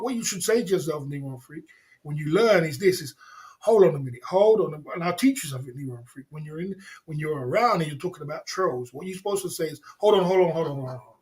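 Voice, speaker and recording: A man chatting casually on a livestream, laughing often and repeating himself in slangy banter to his viewers. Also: high-pitched. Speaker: livestream host.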